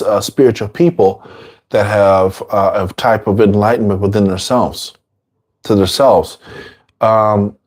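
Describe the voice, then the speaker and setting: A man giving an informal dharma talk, casual and repetitive, sometimes acting out quoted people in a higher voice. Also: darkish tone. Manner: casual, repeats phrases, acts out quotes in a high voice. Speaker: dharma teacher.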